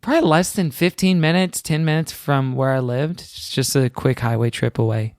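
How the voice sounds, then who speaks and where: A man's voice: medium pitch, moderate pace, no echo, studio quality. A man in his thirties from the Houston suburbs, hosting a podcast and telling rambling stories that keep circling back on themselves. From Houston suburbs, Texas. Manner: rambling, self-correcting storyteller. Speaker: podcast host. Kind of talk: casual chat.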